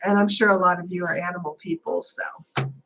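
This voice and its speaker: A woman's voice: on the low side, little pitch movement, brisk, background noise. A woman hosting a live stream, chatting casually in a rambling way before leading a channeling prayer. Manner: rambling, chatty, many fillers.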